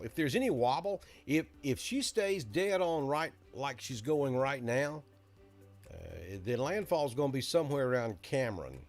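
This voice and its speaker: A man's voice: medium pitch, a little mellow. Folksy Alabama-accented weatherman. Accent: Southern American, Alabama. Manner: folksy, chatty, storytelling. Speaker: weather broadcaster hosting live chat. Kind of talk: casual live-stream chat.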